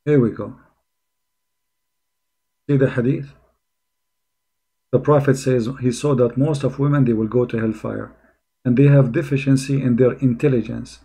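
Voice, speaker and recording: A man giving critical commentary on a played video clip, mocking and sarcastic, halting with many fillers. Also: mid-range voice, fairly even intonation, gravelly, warm tone, husky. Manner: mocking and sarcastic, keeps calling the listener brother.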